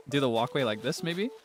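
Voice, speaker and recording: A man chatting casually to viewers while livestreaming a game, playful and teasing, with sudden melodramatic outbursts. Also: medium pitch. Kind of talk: casual gaming livestream chat.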